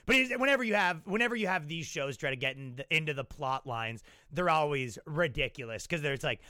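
A man hosting a podcast, telling rambling comic stories and mocking people with quick impressions. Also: on the high side, animated, sharp tone, no room sound, studio quality. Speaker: podcast host. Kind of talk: casual comedic monologue. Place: New York.

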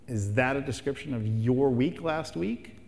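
A man's voice: medium pitch, unhurried, gravelly, a little mellow, long reverb tail. A man preaching a sermon as pastor, emphatic and fond of rhetorical questions and repeated phrases.

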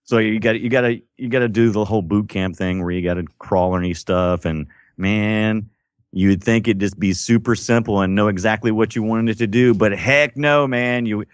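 A man co-hosting a casual gaming podcast, rambling and animated, acting out quotes as he tells stories. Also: fairly low pitch, moderate pace, no room sound, clean studio sound. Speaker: podcast co-host.

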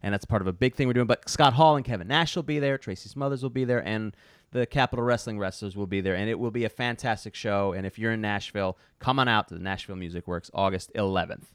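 A man's voice: fairly low pitch, fast, smooth, no echo, studio quality. A man co-hosting a podcast, plugging his wrestling company with earnest promo delivery. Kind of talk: casual chat.

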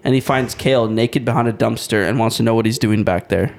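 A man's voice: fairly low pitch, fast talker, vocal fry, a little hiss or hum. A man co-hosting a comedy podcast, teasing his friends in casual banter. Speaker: podcast co-host. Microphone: cheap podcast mics.

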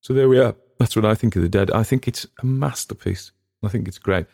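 A man's voice: fairly low pitch, brisk, vocal fry, darkish tone, no room sound, clean studio sound. An English man hosting a podcast, chatting casually in a rambling, digressive way with frequent restarts. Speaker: podcast host and reader.

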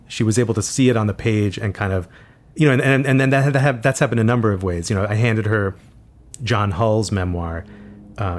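A man with a fairly low voice talks through his experiences in an interview. He is reflective and unhurried, stopping and restarting his sentences as he searches for the right words. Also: a little hiss or hum. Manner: thoughtful, halting, with frequent restarts. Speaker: author guest.

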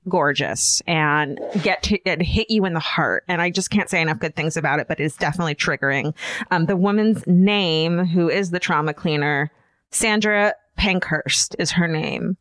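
A woman with a fairly low voice chats casually as a podcast co-host. She is animated and swears freely, and the sound is dry and close. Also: no echo. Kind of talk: casual chat.

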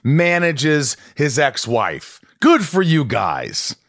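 A man hosting a casual interview, animated and acting out quotes in little voices. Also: a little high, very slow, dry recording, studio quality. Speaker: host.

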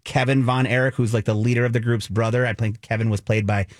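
A man co-hosting a radio talk show, chatting casually and retelling a film with quick asides. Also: medium pitch, steady tone, no room sound, clean studio sound. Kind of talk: casual chat.

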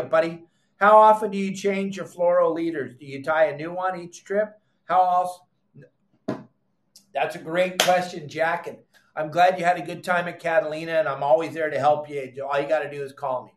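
Emphatic fishing captain in an echoey room. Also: male voice, on the high side. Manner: emphatic, repeats commands, exasperated asides. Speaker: fishing podcast host. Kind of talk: animated how-to fishing talk.

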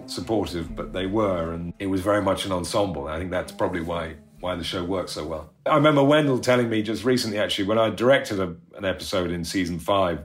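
A man's voice: low voice, fast, few pauses, faint music behind. A middle-aged man telling rambling, self-deprecating stories in a casual interview, laughing often. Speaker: actor recalling a show.

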